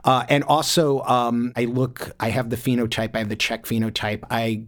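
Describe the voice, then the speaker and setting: A man's voice: mid-range voice, flat delivery, moderate pace. A man in his fifties from Michigan, telling rambling anecdotes in casual chat with many fillers.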